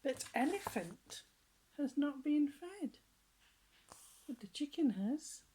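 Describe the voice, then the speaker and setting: A woman reading picture books aloud to children, gentle, with chatty asides and some lines whispered. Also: high-pitched, sing-song, slow pace, slight background noise, poor audio.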